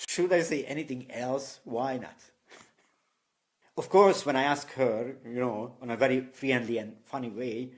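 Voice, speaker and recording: A man's voice: medium pitch, normal speed. A man from Eastern Europe telling candid personal stories in loose, non-native English, often laughing at himself. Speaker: vlogger. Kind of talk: personal storytelling to camera.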